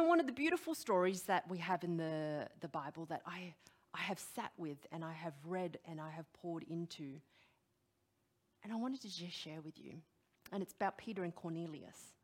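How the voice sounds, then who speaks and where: Animated woman preaching a sermon. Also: fairly low pitch. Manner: animated, emphatic preaching with direct questions to the audience.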